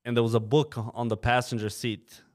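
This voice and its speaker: A man of middle pitch telling stories on a podcast in an easy, casual way. He acts out the people he quotes and fills his speech with "you know" and "like". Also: steady tone, fairly quick, darkish tone. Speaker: trucking company co-owner, podcast guest. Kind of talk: casual storytelling. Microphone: podcast microphone.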